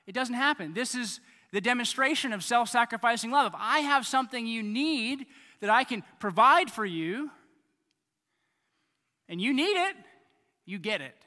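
A man in his thirties preaching a sermon in a conversational way, often repeating words and swinging between loud and quiet. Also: sits high, in a large hall. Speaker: pastor.

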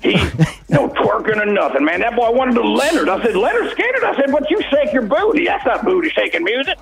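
Man doing a crude good ol' boy, raspy drawl, high-pitched, tacks "man" on everything. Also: sing-song, fairly quick, full character voice, rough recording. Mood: brash. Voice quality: gravelly drawl, ends lines with "man". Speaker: radio show character. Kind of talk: comedy character bit.

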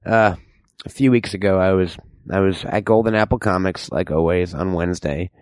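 Guy rambling through a goofy story ad, kinda low voice, stammers a lot, mock serious, dead dry sound. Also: normal speed, darkish tone, no room sound. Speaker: comedy ad reader. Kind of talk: comic storytelling ad read.

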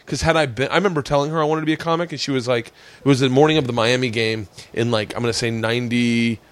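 A man's voice: medium pitch, fast talker. A middle-aged man from Florida hosting a podcast, telling stories in casual chat and acting out the people in them. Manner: animated, swearing, acts out quoted voices. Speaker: podcast host.

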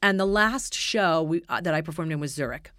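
A man's voice: expressive, brisk, sharp tone, no echo, clean studio sound. A man co-hosting a podcast, chatting casually and telling stories with big dramatic quoted outbursts, still with a slight cough. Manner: dramatic storytelling, breaks into high exclaimed quotes. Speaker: podcast co-host, drag performer. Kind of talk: casual chat.

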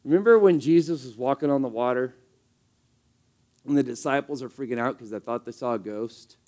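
Briskly and with a dark tone, a man with a mid-range voice preaches as a pastor. His delivery is chatty yet forceful, loaded with rhetorical questions.

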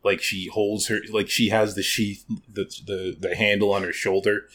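A man's voice: fairly low pitch, level tone, moderate pace, a bit bright. A young man in casual gaming chat, rambling and sarcastic with lots of slang.

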